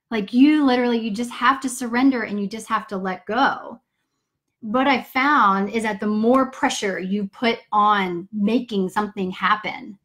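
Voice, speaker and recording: A woman talks straight to her viewers on a live stream from her home office. Her voice sits a little high, and she stays upbeat and chatty. She drops in casual swearing and a folksy "y'all" as she answers questions. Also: fairly bright tone. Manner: upbeat, chatty, greets viewers mid-sentence. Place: home office with pets nearby. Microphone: computer or phone for a live stream.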